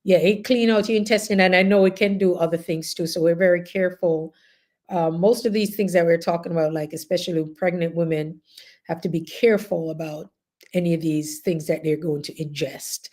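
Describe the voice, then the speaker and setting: A woman's voice: fairly low pitch, fairly quick. A middle-aged woman with a Jamaican accent, chatting casually as host and telling stories with laughter. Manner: animated, laughing, chatty storytelling. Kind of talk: casual group chat.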